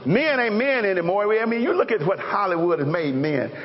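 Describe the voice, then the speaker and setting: A male pastor preaches in a high voice that swoops all over. He jokes and calls out to his congregation. The recording is dull and lo-fi, with a long hall echo. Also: brisk, slight background noise. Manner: lively, joking, calls out to the congregation. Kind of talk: sermon. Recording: echoey hall, dull lo-fi sound.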